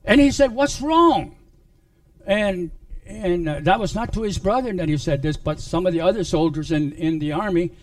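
A man preaching a sermon, retelling a Bible story in a halting way with many restarts. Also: sits high, a little mellow, no echo, recorded from a distance.

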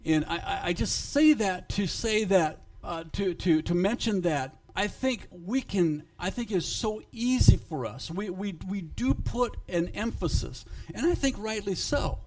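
A man preaching a sermon to his congregation, emphatic and swinging in loudness, halting and repeating words when he speaks off the cuff. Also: high voice, lively intonation. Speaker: pastor.

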